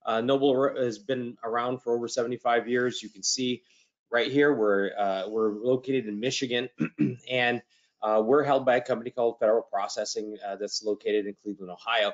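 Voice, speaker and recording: A man from the US West Coast presenting a company in a trade webinar, brisk and enthusiastic. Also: medium pitch, fairly even intonation. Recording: dull lo-fi audio.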